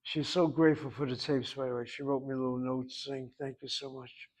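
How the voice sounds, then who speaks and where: A man's voice: mid-range voice, little pitch movement, a little fast, darkish tone. A man teaching a Hebrew class, explaining word forms at length with digressions and drilling pronunciation. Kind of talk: classroom grammar lesson.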